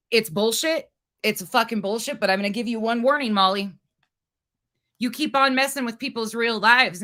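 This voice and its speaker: A woman's sharp, mid-range voice fills a heated livestream rant as she hurls angry profanity at a rival and taunts her. She is the stream's host.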